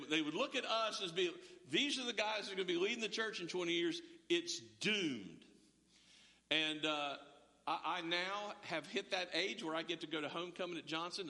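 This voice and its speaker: A man's voice: high-pitched, pushed and bright. A man in his fifties preaching a sermon in a church hall, in a conversational way that often repeats words as he starts a sentence. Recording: long hall reverb.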